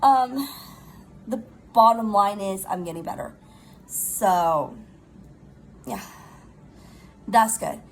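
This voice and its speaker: A middle-aged woman, chatting casually in a rambling, animated storytime while recovering from pneumonia. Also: mid-range voice, takes it slowly, long pauses, slight background noise, rough recording. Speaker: vlogger.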